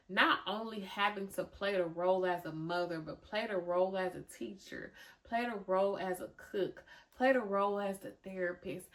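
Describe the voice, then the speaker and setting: A woman hosting a podcast in a casual, frank monologue, repeating phrases for emphasis and at times praying aloud. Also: lowish voice. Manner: prays aloud in a softer voice. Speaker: podcast host.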